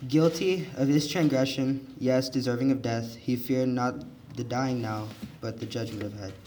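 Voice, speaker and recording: A man with a mellow, dark-toned voice reads a poem at church in a plain, steady way. A faint hiss runs under his voice. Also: medium pitch, moderate pace. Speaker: scripture reader. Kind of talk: reading a poem aloud.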